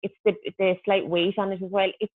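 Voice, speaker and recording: A woman's voice: mid-range voice, flat delivery, fairly quick, no echo. Woman on a tinny phone line. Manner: chatty, practical, self-deprecating. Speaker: podcast guest. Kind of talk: casual podcast chat.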